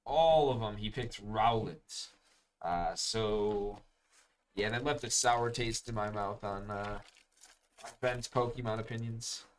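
A man's voice: on the low side, takes it slowly, slight background noise. A young man hosting a live card break, chatting casually and calling out each card as he opens packs. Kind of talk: live-streamed pack opening chat.

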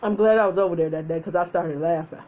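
A woman hosting a mukbang, chatting casually to viewers while she eats and telling stories animatedly, with frequent laughter and loud whoops. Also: lowish voice, fast. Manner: chatty, addresses viewers directly. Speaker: mukbang host. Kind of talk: casual chat while eating.

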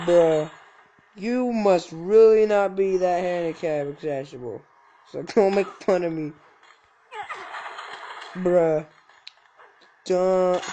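A gaming channel host giving casual, joking let's-play commentary, with sudden loud yelps and self-mocking asides. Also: medium pitch, very slow, pauses often, a little hiss or hum, poor audio.

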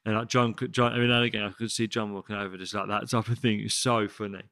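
A man's voice: on the low side, level tone, very fast, gravelly, sharp tone, no echo, clean studio sound. A man, a chef telling a story in casual chat, rambling and swearing often. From West Midlands, England. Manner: rambling, frequent swearing and restarts. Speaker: chef, podcast guest. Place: podcast studio.

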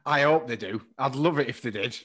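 A man's voice: medium pitch, normal speed, a bit bright, husky. A man co-hosting a podcast, chatting casually, laughing often and joking around. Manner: playful, laughs often, breaks into silly voices. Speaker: podcast co-host.

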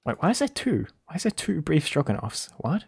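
Husky-voiced man reacting in disbelief. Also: fairly high pitch, very animated, brisk. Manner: incredulous, swearing, laughing running commentary. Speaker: streamer reacting to videos. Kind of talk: live-stream reaction commentary.

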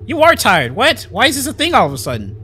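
A man giving loud, excitable let's play commentary, swearing often and making mock-dramatic pleas. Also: very high voice, fast, a little hiss or hum. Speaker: gaming channel host.

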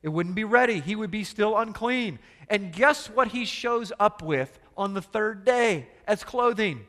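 A pastor preaches a sermon in a voice that sits high, fairly bright, and lively in intonation, at an unhurried pace with a long reverb tail. He is emphatic and fills his message with rhetorical questions for the congregation.

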